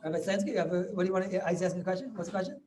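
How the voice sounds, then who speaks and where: High-voiced rabbi teaching over video call. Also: male voice, expressive, darkish tone. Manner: halting, many restarts, chuckles, banters with students. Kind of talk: informal halachic class over video call. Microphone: video call microphone.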